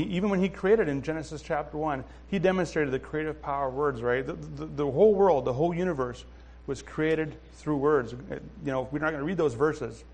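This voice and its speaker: A man's voice: fairly high pitch, a little mellow. A man giving an informal sermon, talking conversationally with fillers and restarts and often checking in with listeners. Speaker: preacher.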